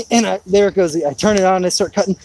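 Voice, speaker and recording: Man, somewhat high voice, rambling easygoing live-stream host chatting outdoors with faint noise behind. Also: fast talker, a little mellow, low-quality recording. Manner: rambling and laid-back, many fillers. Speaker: homesteading vlogger. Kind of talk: live casual walk-through chat. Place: outdoors in his backyard, rainy.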